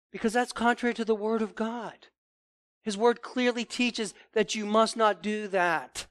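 High-voiced forceful male preacher. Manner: forceful, rising to emphatic declarations; often restarts and repeats words. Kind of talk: sermon.

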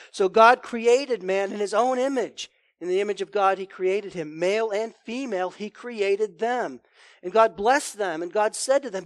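High-voiced man preaching with dry sound. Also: moderate pace, dry recording. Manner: earnest preaching, emphatic on key words. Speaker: pastor. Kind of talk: sermon.

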